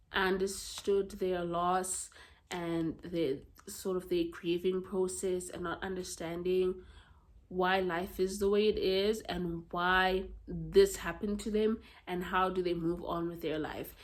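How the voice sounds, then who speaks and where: A South African woman with a South African accent, chatting casually about books she has read in a blunt, expressive way and swearing freely. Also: fairly low pitch. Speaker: book vlogger. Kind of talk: casual book review chat.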